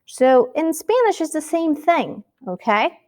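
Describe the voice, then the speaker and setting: A woman's voice: sits high, sing-song, unhurried, a little mellow. A woman teaching a Spanish lesson, speaking patiently and asking the listener rhetorical questions. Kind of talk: recorded classroom lesson.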